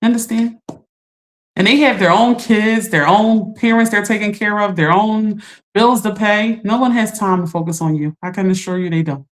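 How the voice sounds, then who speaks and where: A middle-aged woman, chatting on a livestream and reading viewer comments, laughing and teasing. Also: medium pitch. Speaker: livestream host.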